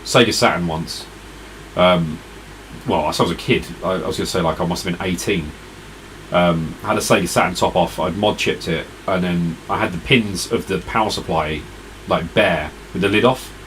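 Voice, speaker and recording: A man's voice: sits low, moderate pace, a bit bright, slight background noise, poor audio. A tired man streaming retro games, chatting casually and rambling to his viewers. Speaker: retro gaming live streamer. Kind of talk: casual live-stream chat.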